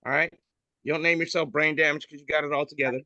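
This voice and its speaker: A man's voice: on the high side, steady tone, fast, pushed and bright, no room sound, highs cut off. A man hosting a casual podcast, describing memes in a joking, irreverent way over a video call. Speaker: podcast host.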